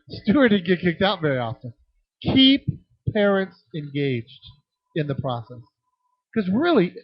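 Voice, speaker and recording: A middle-aged man giving a conference teaching session on children's ministry, telling stories with acted-out voices and shifting loudness. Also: fairly high pitch, slightly rough, dry recording, highs cut off. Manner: animated storytelling with acted-out voices.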